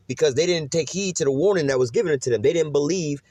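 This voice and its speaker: A man preaching informally on scripture and prophecy, talking quickly in a loose, profane, conversational way. His voice sits at an ordinary pitch and sounds dry and close, with no room echo. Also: darkish tone. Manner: profane, conversational, keeps asking "you know?". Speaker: religious teacher.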